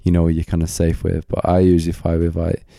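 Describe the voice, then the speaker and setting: A man's voice: low voice, monotone, brisk, creaky, mellow, dry recording, studio quality. A man hosting a solo Q&A podcast late at night, his voice going a bit, rambling with lots of filler words like "kind of" and "like". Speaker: podcast host.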